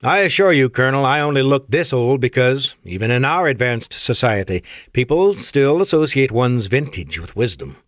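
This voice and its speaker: A man voicing an ancient, courteous alien admiral with an Afrikaans-tinged accent and formal, measured speech. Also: mid-range voice, expressive, a bit bright, no echo, clean studio sound, close to an everyday voice.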